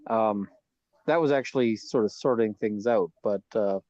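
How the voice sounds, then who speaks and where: A man chatting casually on a live stream by phone from a quiet corner of an airport bar, easygoing and hesitant. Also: fairly low pitch, moderate pace, no echo, dull audio. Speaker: lawyer guest on a live stream. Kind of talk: casual chat on a video call.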